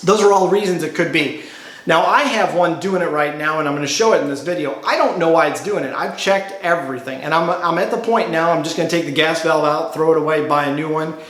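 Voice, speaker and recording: A man's voice: a little high, fairly quick, fairly bright tone. A man who owns a laundromat, filming a casual vlog, ranting in exasperation with lots of rhetorical questions. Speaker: laundromat owner and channel host. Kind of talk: casual talk-to-camera vlog. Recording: echoey, reverberant room.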